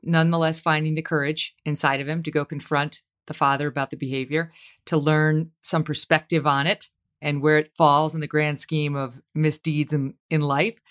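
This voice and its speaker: Low-voiced woman hosting an interview. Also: flat delivery, moderate pace. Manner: reflective, sums up the guest's story at length. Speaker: podcast host. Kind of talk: casual interview conversation.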